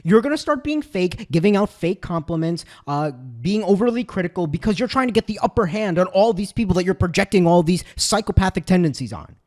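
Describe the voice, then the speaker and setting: Sarcastic ranting man, high voice. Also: expressive, fairly quick, few pauses, a little mellow. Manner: sarcastic, ranting, mimics others in quotes. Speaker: commentary video host. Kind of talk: casual spoken commentary.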